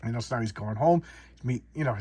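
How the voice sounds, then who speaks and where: A man's voice: mid-range voice, fast talker, warm tone, husky, no echo. A man doing a casual comic book showcase, rambling and often repeating and restarting words.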